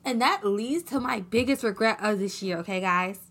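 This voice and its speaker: A young woman in her late teens co-hosting a podcast, telling stories casually with slang and lively quoted asides. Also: mid-range voice, normal speed. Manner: animated, slangy storytelling. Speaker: podcast co-host. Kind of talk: casual chat.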